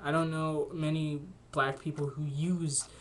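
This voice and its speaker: A woman's voice: low voice, little pitch movement, unhurried, noisy background. A young adult woman in a casual vlog monologue, talking earnestly and thinking aloud with lots of "like" fillers. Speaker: vlogger.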